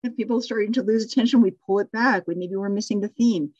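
A woman's voice: mid-range voice, fast, darkish tone, no echo, muffled recording. A middle-aged woman leading a live online class on storytelling, praising students and thinking aloud with restarts and small laughs. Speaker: course instructor.

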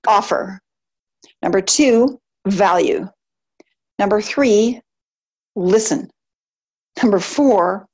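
Encouraging woman coaching a group. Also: medium pitch. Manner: warm, encouraging, with frequent laughs and fillers; emphatic, lists numbered steps. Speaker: business coach. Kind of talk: live online coaching session.

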